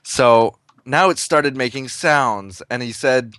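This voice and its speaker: A man's voice: medium pitch, takes it slowly, fairly bright tone, slight background noise. A young man, a guest on a game chat, bantering and joking playfully. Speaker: guest co-host. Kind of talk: casual chat while playing a game.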